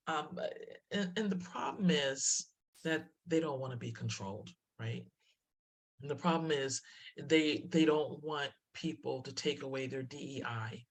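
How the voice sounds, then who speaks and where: A woman's voice: sits low, a little slow. A woman speaking as a diversity presenter in a webinar talk, telling stories, laughing often and restarting her phrases.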